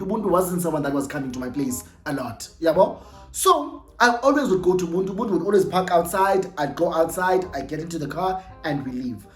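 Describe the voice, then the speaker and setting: A young South African woman tells a story in a lowish voice, slipping between English and Xhosa and often repeating herself. Her voice echoes around a bare room, with soft music playing faintly behind her. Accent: South African, mixing in Xhosa. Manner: animated, code-switching between English and Xhosa, repeats "no, no, no" and "yabo". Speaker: storytime vlogger. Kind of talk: casual storytelling.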